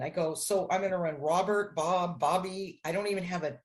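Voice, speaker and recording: Woman analyst guest, lowish voice, tells her story with acted-out dialogue. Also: brisk. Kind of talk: storytelling in a podcast interview.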